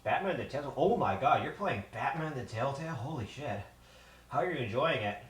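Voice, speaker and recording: A man's voice: mid-range voice, expressive, fairly quick. A man streaming live from a home kitchen, winded and tired. He rambles to his viewers and swears often. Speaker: livestreamer. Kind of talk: casual live-stream chat.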